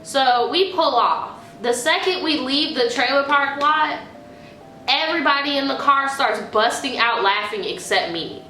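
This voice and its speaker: A woman vlogger telling a story in an animated, profane way, acting out quotes. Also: high-pitched, measured pace, a little hiss or hum. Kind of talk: casual storytime. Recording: echoey room.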